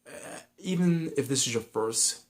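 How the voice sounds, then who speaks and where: Socal-accent guy vlogging, blunt and rambly, lots of um and restarts, mid-pitched voice. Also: expressive, measured pace. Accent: Southern California. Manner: frank, rambling, with many restarts and fillers. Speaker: YouTuber giving advice. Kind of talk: casual opinion vlog.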